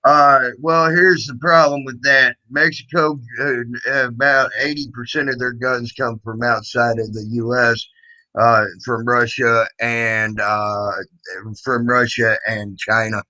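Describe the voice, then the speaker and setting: A man's voice: mid-range voice, little pitch movement, slow, pushed and bright, rough recording. A man hosting a casual livestream, greeting viewers by name and rambling with many fillers and restarts. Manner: mocking singsong when teasing. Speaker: livestream host.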